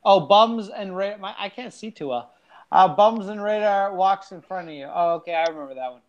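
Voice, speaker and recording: Guy with a pretty high voice, loud crude banter on a group call, reading out game cards. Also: brisk, dull audio. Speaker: online game player. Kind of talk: casual group chat over a card game.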